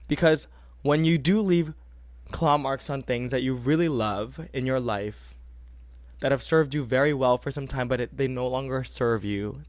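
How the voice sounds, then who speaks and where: A young man hosting a podcast, giving earnest, animated advice in casual talk and repeating phrases for emphasis. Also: medium pitch, dry recording, studio quality. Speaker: podcast host.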